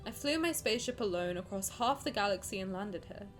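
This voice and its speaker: A woman's voice: medium pitch, animated, a little fast, soft background music. A woman streamer reads a game story aloud and reacts to it with effusive, emotional chatter. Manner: effusive, emotional, laughs often.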